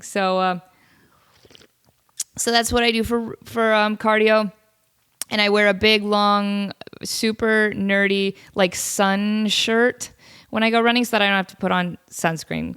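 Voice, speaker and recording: A woman with a mid-range, fairly bright and clean voice hosts a casual solo podcast from home. She's chatty and self-deprecating, and she has a cold that leaves her sniffly.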